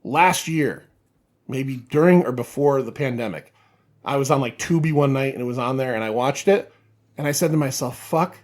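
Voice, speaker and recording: A man's voice: medium pitch, normal speed, a little mellow. A man on a podcast as a guest, giving enthusiastic, profanity-laced movie opinions in casual chat.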